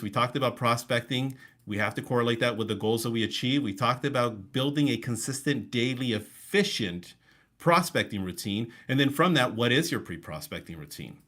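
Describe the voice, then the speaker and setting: A man who coaches real estate hosts a live online session by video call, speaking with a sharp tone. He keeps his delivery energetic while deliberately pausing and varying his speed.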